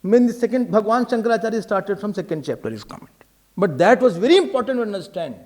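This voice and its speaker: A man with an Indian English accent giving a spiritual discourse on scripture, animated and sprinkling in Hindi and Sanskrit terms. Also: high-pitched, fast. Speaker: spiritual teacher.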